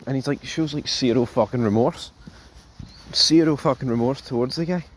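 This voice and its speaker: A man hosting a casual TV review, rambling and animated, swearing freely and calling viewers folks. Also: medium pitch, moderate pace, a little hiss or hum. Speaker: show host, TV reviewer.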